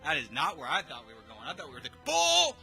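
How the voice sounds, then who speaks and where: A streamer man reads a visual novel aloud between jokey, excitable reactions. His voice is bright and slightly high, with a lively, bouncing melody, and soft music plays under him. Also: very fast, poor audio. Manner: animated, excitable, jokey, swears. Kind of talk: reading a game aloud with live reactions.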